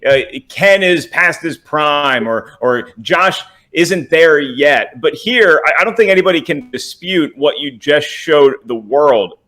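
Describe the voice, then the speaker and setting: Co-host guy asking a question, measured, a bit high voice. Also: fairly bright tone. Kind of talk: interview questions.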